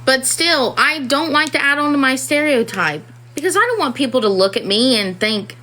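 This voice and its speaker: A woman's voice: high-pitched, animated, moderate pace, bright, forceful tone, low-quality recording. A woman, a mother of four, talking candidly and ramblingly in a casual personal talk to camera. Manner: candid and rambling, many "you know"s.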